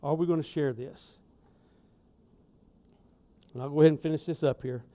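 Guy preaching a folksy sermon in church, chatty asides, warm tone. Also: fairly high pitch, fairly even intonation, moderate pace. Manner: emphatic, swinging loudness. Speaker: lay preacher. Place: church sanctuary.

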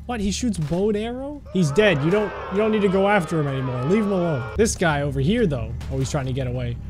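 A young man giving jokey, excited commentary on a sandbox game, crying out at the action. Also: high-pitched, quick pace, over music. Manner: animated, jokey, cries out at on-screen action. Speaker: gaming YouTuber.

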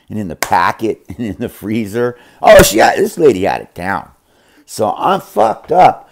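A man telling a rambling, profane story in a casual, animated way. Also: fairly low pitch. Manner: profane, rambling, animated, acts out others' voices.

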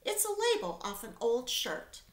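Storybook role: a squeaky, grumbling male rat, sarcastic and put-upon, as a woman reading aloud puts him on, roomy echo. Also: huge pitch swings, a little slow, heavily acted.

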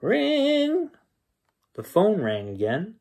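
A man reading a children's picture book aloud as a bedtime story, in a lively, expressive manner. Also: mid-range voice, moderate pace.

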